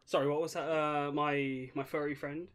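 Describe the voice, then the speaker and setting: A man's voice: on the high side, flat delivery, normal speed, fairly bright tone, natural voice. Man playing an eager, courteous noodle clerk. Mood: polite. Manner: courteous salesman, repeats words. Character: polite eager male noodle shop clerk. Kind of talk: tabletop role-play.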